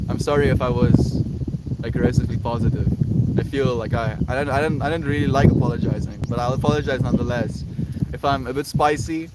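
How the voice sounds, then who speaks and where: A man's voice: medium pitch, fairly even intonation, a little fast. A man livestreaming to his viewers in an earnest, rambling, affectionate way, talking outdoors in the countryside. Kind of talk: casual livestream chat to viewers. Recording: loud outdoor background noise.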